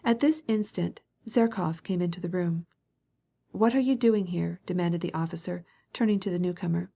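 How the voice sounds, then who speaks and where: A woman reading a classic novel aloud as an audiobook narrator, mostly even and unhurried, lifting her voice slightly for dialogue. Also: lowish voice, creaky. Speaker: audiobook reader.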